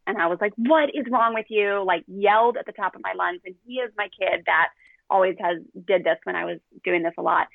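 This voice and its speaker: Speaking fast in a fairly low, creaky voice, a middle-aged woman who works as a parenting coach shares candid stories in a podcast conversation, animatedly acting out quotes. The line is dry and thin like a phone, with no room sound.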